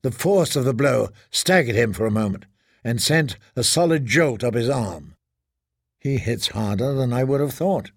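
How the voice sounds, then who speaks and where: A man narrating a fantasy audiobook in a steady, measured way. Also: mid-range voice, no room sound, studio quality.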